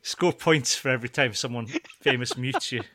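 Male podcast host, bright forceful voice, casual and rambling, dry close mic. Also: mid-range voice, moderate pace, dry recording. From Scotland. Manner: chatty, laughing, many fillers and restarts. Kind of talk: casual chat.

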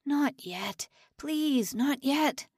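A woman's voice: on the high side, slow pace, warm tone, no echo, studio quality. A woman voicing a desperate young male prisoner who pleads and speaks tenderly to his bride. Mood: pleading.

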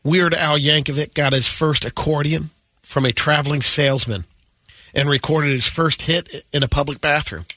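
A man's voice: on the high side, normal speed, sharp tone, no room sound. A man co-hosting a morning radio show, reading news and fun facts in an upbeat way. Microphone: studio microphone.

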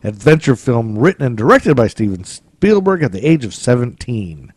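A man joking around as a podcast co-host, laughing and teasing his partner. His pitch jumps and swoops as he talks. The sound is dry and close. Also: very animated, normal speed, darkish tone, breathy edge, dry recording. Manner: goofy, teasing, laughs a lot. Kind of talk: casual banter.

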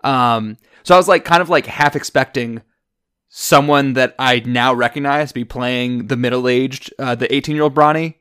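A man in the host's chair of a film podcast, talking casually and quickly. His voice sits at an ordinary middle pitch, and he keeps things lively with asides. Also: clean tone. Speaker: podcast host.

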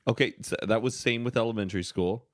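A man's voice: lowish voice, quick pace, dry recording, clean studio sound. A man in casual conversation, chatty, with reactions and filler ums. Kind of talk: casual chat.

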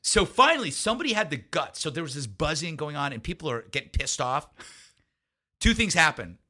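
A man with a very sharp, tense voice tells a story in a conversational interview. He sits a little high in pitch for a man and keeps it lively. He laughs often and acts out the lines of the people in his story. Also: a little fast. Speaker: guest.

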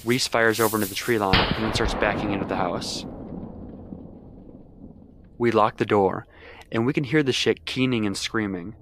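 Low-voiced young man telling a horror story. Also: moderate pace, long pauses, noisy background. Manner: casual and heavily profane. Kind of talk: first-person horror story narration.

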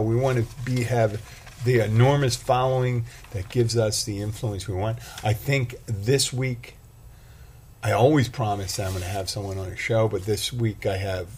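Low-voiced rambling man podcasting solo. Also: a little hiss or hum. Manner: rambling, self-deprecating, with restarts. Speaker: podcast host and bartender. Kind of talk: casual solo podcast monologue.

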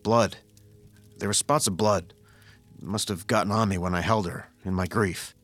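A man's voice: fairly low pitch, fairly even intonation, moderate pace, fairly bright tone, no room sound, soft background music. An actor playing an evasive nobleman suspected of killing his wife, giving curt, defensive replies in a true-crime reenactment. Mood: guarded.

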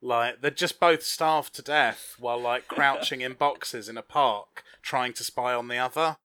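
A man's voice: mid-range voice, unhurried, pushed and bright, clean tone, dry recording. A man co-hosting a podcast, trading dry jokes in casual banter. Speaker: podcast co-host. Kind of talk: casual chat.

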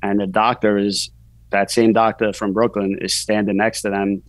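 Brief: man in his 40s, deeper register, dry close sound, loose chatty storytelling with lots of fillers. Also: level tone, moderate pace, no room sound, rough recording. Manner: rambling, frequent "you know" fillers. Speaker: guest, author. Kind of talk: casual personal storytelling.

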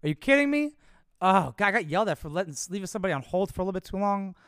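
A young man telling stories in a casual, profane way, animated and crude. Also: high-pitched, racing, no room sound, clean studio sound. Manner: animated, crude, swears freely.

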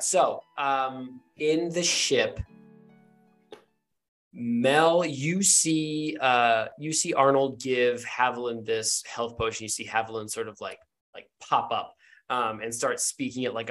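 A man's voice: medium pitch, fairly even intonation, measured pace, a bit bright, faint music behind. A man running a tabletop game as its game master, narrating in a rambling way full of filler words. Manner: rambling, full of ums and likes.

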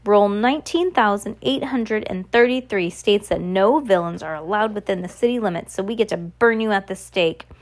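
A woman voicing a bloodthirsty male townsman who shouts and gloats. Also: medium pitch, normal speed, few pauses, lightly acted. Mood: gloating.

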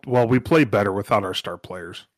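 A man's voice: on the low side, normal speed, dry recording, clean studio sound. A man co-hosting a podcast in casual chat, laid-back and blunt, swearing at times. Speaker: podcast co-host.

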